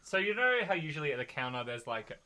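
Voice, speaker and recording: Hesitant male player, lively pitch. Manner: hesitant, halting phrasing. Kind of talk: casual tabletop game play.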